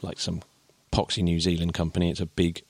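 A man's voice: low-pitched, monotone, brisk, a little mellow, dry recording. A man co-hosting a podcast, explaining things in a rambling, chatty way with frequent self-corrections and chuckles. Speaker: podcast co-host. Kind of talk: casual explanatory chat.

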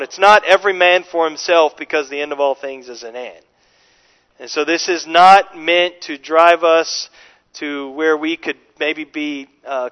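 A man preaching a sermon, earnest and emphatic, often repeating words as he starts a sentence and slowing down to stress key phrases. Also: a little high, lo-fi sound. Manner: slows down to stress scripture phrases. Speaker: pastor.

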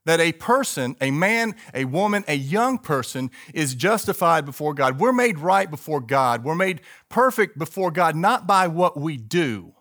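A man's voice: a little high, very animated, measured pace, few pauses, a bit bright. A middle-aged male pastor preaching a sermon emphatically, calling on the congregation to repeat words with him.

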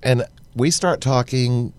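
A man from Texas hosting a podcast, telling a story in casual, animated chat. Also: mid-range voice, takes it slowly, smooth, dry recording. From Baytown, Texas. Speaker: podcast host.

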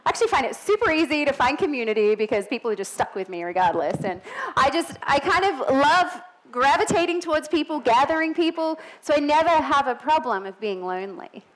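High-voiced woman preaching earnestly. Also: sing-song, a little fast, hardly any pauses, rough recording. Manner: earnest, personal storytelling with laughs, rising to emphatic peaks. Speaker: pastor's wife preaching. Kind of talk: sermon.

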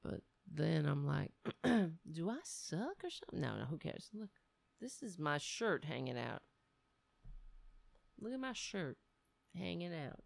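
A woman's voice: sits low, creaky, a bit bright, no room sound. A middle-aged woman hosting a casual livestream, rambling and self-mocking as she chats to viewers and her cat. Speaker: livestream host.

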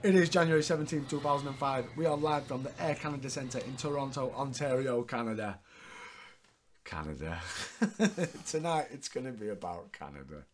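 A man's voice: mid-range voice, brisk, hardly any pauses, a little hiss or hum. A man hosting a podcast, recapping in a chatty, sweary way and laughing often. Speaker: podcast host. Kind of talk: casual recap chat.

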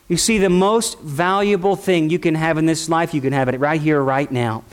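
Man, pastor preaching to the church, passionate, rhetorical, slightly high voice. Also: moderate pace. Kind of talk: sermon. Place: church service with congregation.

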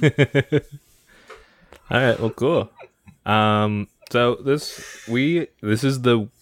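A man's voice: mid-range voice, extremely slow. A man co-hosting a podcast in casual chat, laughing often and speeding up when he explains. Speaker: podcast co-host.

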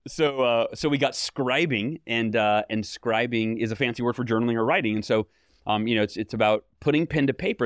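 Animated man telling stories, dry sound. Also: medium pitch, no room sound. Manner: animated storytelling, fillers and restarts. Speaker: guest author. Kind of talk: podcast interview.

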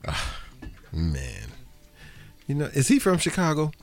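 A man's voice: fairly high pitch, wildly swooping pitch, slow pace, faint music behind. A man co-hosting a radio show in casual chat, blunt and joking. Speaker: radio co-host.

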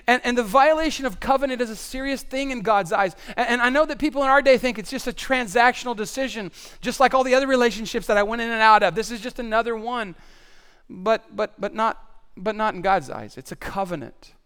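A pastor preaches a sermon in a high, smooth voice that rings with resonance, speaking a little fast. His delivery is animated and conversational, surging into loud, emphatic bursts before sinking into hushed, solemn passages.

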